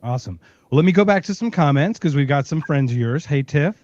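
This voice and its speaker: A man's voice: on the high side, expressive, quick pace, a little mellow, dry recording. A man hosting a podcast in casual chat, joking and playful. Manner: joking, playful, fond of doing voices. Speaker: podcast host. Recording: dull, dry recording.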